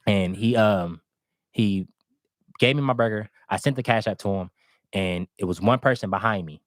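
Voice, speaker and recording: A man's voice: lowish voice, moderate pace, dry recording, studio quality. A man casually telling a long anecdote as a guest, acting out the voices of the people in it. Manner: animated, acts out quoted voices. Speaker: guest storyteller.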